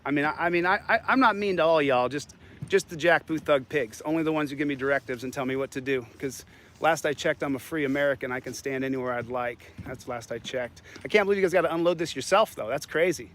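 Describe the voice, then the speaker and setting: A man's voice: fairly high pitch, fast, fairly bright tone, a little hiss or hum. A man filming himself as an independent journalist, confronting and insulting police in a public parking lot with a combative, taunting manner. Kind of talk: street confrontation.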